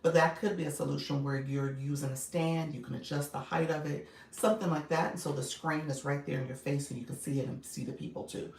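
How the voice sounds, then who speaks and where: A woman's voice: low-pitched, steady tone, brisk, vocal fry, few pauses, darkish tone. A woman with a Chicago accent, a livestream coach chatting casually on a live stream, greeting viewers by name and laughing often. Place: home setup with phone on a stand. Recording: echoey room, mic at a distance, faint noise.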